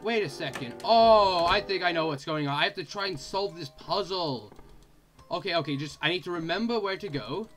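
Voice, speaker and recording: A man giving let's play commentary on a horror game, excitable and jumpy, yelping and screaming and using mild swears. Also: high-pitched, normal speed, faint music behind. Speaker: gaming channel host.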